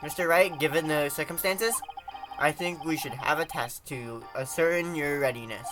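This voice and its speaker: A game player voicing a stern, formal older male judge who speaks in a slow, measured way. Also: medium pitch, music in the background, natural voice.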